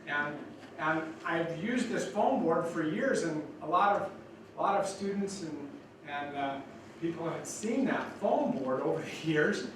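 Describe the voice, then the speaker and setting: A man's voice: on the high side, lively intonation, measured pace, fairly bright tone. Folksy older man speaking in an echoey hall. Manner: folksy, rambling with many restarts. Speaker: guest speaker. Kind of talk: speech to students. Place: college lecture room. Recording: echoey hall from far off, noisy.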